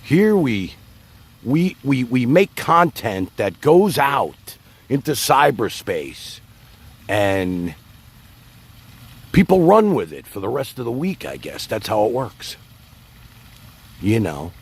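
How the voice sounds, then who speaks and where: A man with a gravelly, husky low voice hosts a casual livestream. He rambles and talks straight to his viewers, his pitch rising and falling a lot as he goes. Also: very animated, slow, pauses often. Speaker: livestream host.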